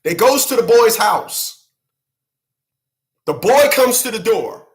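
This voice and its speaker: A man's voice: sits high, sing-song, slow. A man from the New York–New Jersey area, hosting his channel and ranting on a live stream in a profane, repetitive, emphatic way, laughing often. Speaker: channel host. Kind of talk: unscripted live-stream rant.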